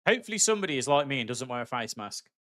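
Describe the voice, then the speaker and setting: A man's voice: mid-range voice, sing-song, rapid-fire, sharp tone. Male streamer, Black Country accent, friendly and chatty, casual live-stream delivery. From West Midlands, England. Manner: chatty, friendly, calls viewers mate. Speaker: game streamer. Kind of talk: casual live-stream chat while gaming.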